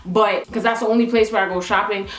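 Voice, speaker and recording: A young woman from Toronto, a vlogger, telling a story casually to the camera in an animated, emphatic way with frequent asides. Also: medium pitch, fast. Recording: echoey room, faint music.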